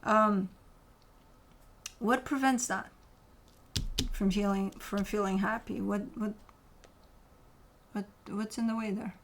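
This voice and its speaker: A woman gives a casual tarot reading, talking straight to the viewer with blunt candor, swearing freely and arguing against imagined objections to make her point. Her medium-pitched voice is gravelly and fairly even, slow and full of pauses, with a little hiss or hum in the background.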